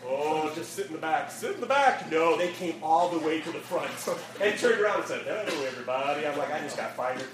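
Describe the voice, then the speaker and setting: A man, a youth pastor, telling a lively story in a sermon and acting out the voices, laughing as he goes, then closing in prayer. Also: a little high, brisk, hardly any pauses, crowd noise. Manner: animated storyteller, acts out quotes, laughs often. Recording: echoey room, distant mic, audible noise.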